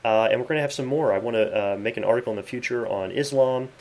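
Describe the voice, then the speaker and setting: A man's voice: mid-range voice, quick pace, a little mellow. A man at his desk giving an earnest, conversational Bible teaching for his video channel, quoting scripture and using frequent fillers. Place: at his desk in a study with bookshelves.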